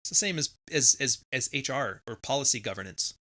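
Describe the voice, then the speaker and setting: A man's voice: medium pitch, lively intonation, fairly quick, pushed and bright. A middle-aged man from Canada hosting a podcast, ranting casually and bluntly, swearing freely and sarcastically acting out other people's lines. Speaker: podcast host.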